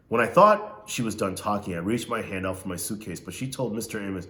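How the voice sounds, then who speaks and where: A man's voice: on the low side, fast, hardly any pauses, fairly bright tone, roomy sound. A man reading a novel aloud, stopping now and then to ask his listeners questions. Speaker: reader.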